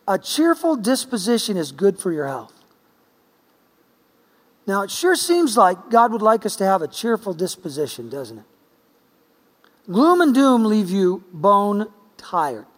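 A man preaching a sermon in a church sanctuary, telling a story in a playful, chatty way. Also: sits high. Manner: playful, chatty, with quoted dialogue. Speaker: pastor. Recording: long church-hall reverb.

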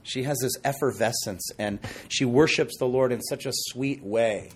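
Animated husky-voiced male preacher. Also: mid-range voice, normal speed. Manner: animated storytelling with acted quotes and asides. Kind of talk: sermon.

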